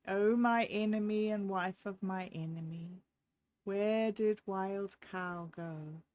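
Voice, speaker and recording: A woman voicing a proud, aloof male cat who speaks slowly and deliberately. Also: mid-range voice, a little mellow, natural voice. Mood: haughty.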